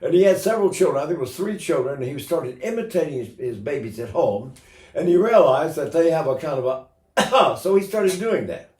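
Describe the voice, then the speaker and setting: Here an octogenarian voice teacher runs a casual singing lesson, chatting away and tossing in jokes. He sounds a little high and animated, moving fairly quickly with a slightly mellow quality. The room gives the audio a noticeable echo.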